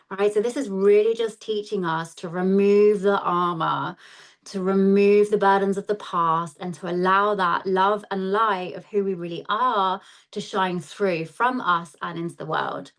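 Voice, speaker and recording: A woman's voice: mid-range voice, fairly bright tone. A woman hosting a spiritual lesson, talking in a chatty, conversational way and often checking in with "right?". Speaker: host of a spiritual lesson series. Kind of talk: casual spoken teaching.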